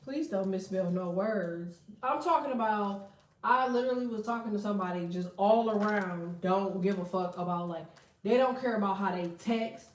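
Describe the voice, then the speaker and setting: A woman's voice: medium pitch, normal speed. A woman giving a casual tarot reading, blunt and profane, breaking into laughing asides. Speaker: tarot reader. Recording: echoey room, distant from mic.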